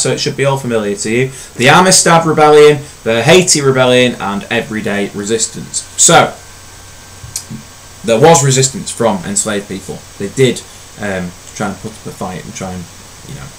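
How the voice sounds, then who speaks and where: A man teaching a recorded history lesson in a relaxed, conversational way, with frequent ums and uhs. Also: mid-range voice, poor audio.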